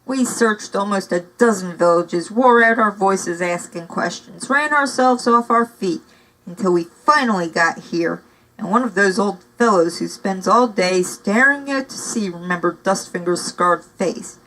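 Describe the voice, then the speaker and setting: Woman voicing a sneering soft-spoken villain man. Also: mid-range voice, measured pace, lightly acted, rough recording. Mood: menacing. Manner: soft, menacing, scornful. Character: menacing adult male villain, sneering.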